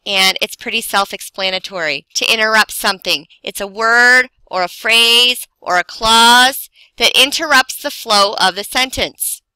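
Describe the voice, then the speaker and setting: A woman teaching a grammar lesson, explaining slowly and deliberately with pauses for emphasis. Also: on the high side, sharp tone, clean tone, dry recording, poor audio. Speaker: English teacher.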